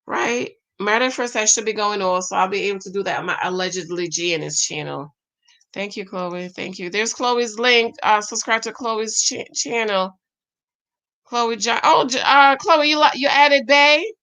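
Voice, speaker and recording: Winding down for bed, a worn-out YouTube host reads her live chat aloud and chats casually with viewers, laughing a lot and calling them "babes" and "y'all." Her voice is mid-range and sharp-toned, and she takes her time.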